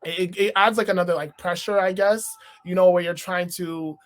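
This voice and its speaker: A man from Canada, a rapper, talking about his music in a casual interview, thoughtful and animated. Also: sits high, moderate pace. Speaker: rapper guest.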